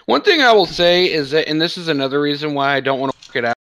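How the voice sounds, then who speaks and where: A man's voice: a little high, animated, fast, a bit bright, dry recording, low-quality recording. A man co-hosting a crude casual podcast, grumbling and swearing. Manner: grumbling, profane. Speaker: podcast co-host.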